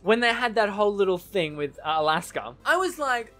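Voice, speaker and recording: A man casually giving his opinions in a TV recap vlog, chatty and animated, often correcting himself mid-sentence and laughing easily. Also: a little high, a little fast, faint music behind. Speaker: TV recap vlogger.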